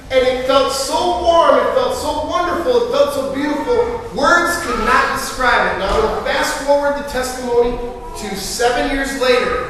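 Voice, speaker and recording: A high-pitched man preaching his testimony with animated, emphatic storytelling. His voice carries through a large church hall with a long, booming reverb. He sounds set well back from the microphone. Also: a little hiss or hum. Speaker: evangelist giving testimony. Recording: echoey hall, voice from far off.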